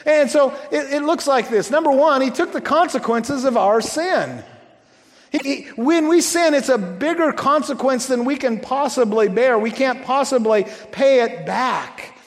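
A man preaching a sermon as pastor in a church, talking conversationally with halting restarts and joking asides. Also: very high-pitched, lively intonation, long reverb tail.

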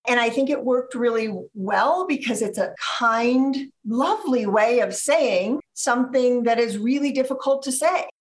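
A woman author being interviewed on a podcast, speaking in a measured, thoughtful way and slowing down to stress ideas. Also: a little high, lively intonation.

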